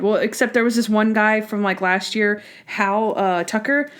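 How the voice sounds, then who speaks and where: A woman's voice: mid-range voice, fairly even intonation, normal speed, a bit bright, smooth. A woman co-hosting a podcast in casual chat, talking eagerly and acting out quoted lines. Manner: chatty, enthusiastic, acts out quotes. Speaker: podcast co-host.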